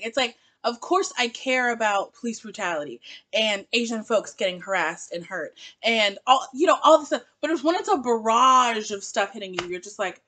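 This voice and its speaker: A woman's voice: on the high side, normal speed. A woman reviewing a TV episode in a casual vlog, chatty and exasperated, laughing often. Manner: animated, laughing, exasperated asides. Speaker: TV show reviewer.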